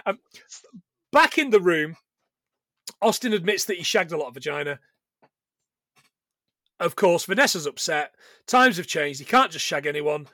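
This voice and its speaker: A British man co-hosting a casual film podcast, animated, reading quotes aloud and laughing often. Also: fairly high pitch, normal speed, pauses often, no room sound, clean studio sound. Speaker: podcast co-host.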